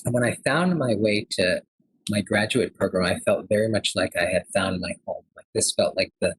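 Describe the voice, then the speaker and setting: A man's voice: lowish voice, normal speed, slightly rough, no room sound, poor audio. A man in his thirties giving an earnest, conversational lecture at a health forum, telling a personal story with frequent fillers.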